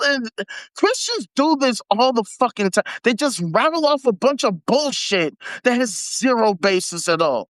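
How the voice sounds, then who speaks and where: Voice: mid-range voice, expressive, normal speed, fairly bright tone, no echo. A livestream host giving profane, mocking commentary while reading an article aloud. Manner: profane, mocking, laughs between rants. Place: home setup for a live video.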